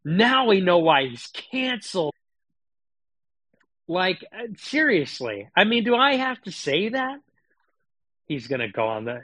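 A man's voice: sits high, sing-song, unhurried, sharp tone, dry recording. A man streaming political commentary, talking in a sarcastic, mocking, casual rant. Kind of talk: casual ranting monologue.

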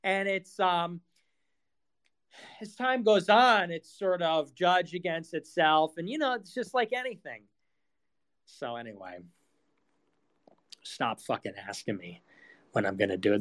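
A man's voice: fairly high pitch, expressive, moderate pace, poor audio. A man hosting his own live talk, ranting sarcastically and swearing often, mocking others in whiny voices. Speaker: streamer hosting live audio spaces. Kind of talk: casual monologue.

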